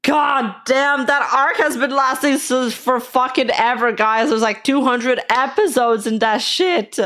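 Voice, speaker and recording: A woman's voice: high-pitched, measured pace, fairly bright tone. A woman streamer chatting casually while reacting to videos, her voice sore after being sick and her talk laid-back with casual swearing.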